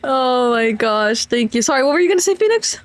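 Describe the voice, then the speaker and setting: A woman's voice: high voice, expressive. A woman hosting a casual livestream Q&A, chatty with many fillers. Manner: chatty, quick, filler-heavy. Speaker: stream host.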